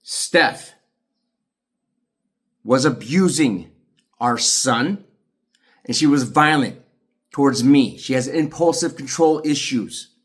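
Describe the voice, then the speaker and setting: Brief: middle-aged man, emphatic and angry, swearing often, mid-pitched voice, speaking straight to the viewer. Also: takes it slowly, pauses often. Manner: profane, agitated, emphatic. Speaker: aggrieved father telling his story. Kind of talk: angry monologue to camera.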